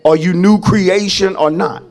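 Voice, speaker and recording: A man preaching as a pastor, calling out to the congregation and rising to shouted peaks. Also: high voice, steady tone, unhurried. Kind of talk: sermon.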